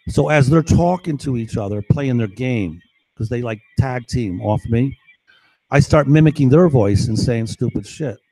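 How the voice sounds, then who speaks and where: A man's voice: medium pitch, normal speed, dark tone, dry recording, rough recording. A man telling a personal story in a casual, rambling, boastful way, swearing often. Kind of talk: casual first-person account.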